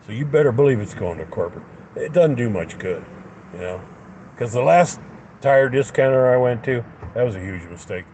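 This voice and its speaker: A man's voice: mid-range voice, expressive, normal speed, mellow, a little hiss or hum, low-quality recording. A man angrily telling a story in a profane rant, acting out both sides of an argument. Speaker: livestreamer. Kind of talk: angry ranting story.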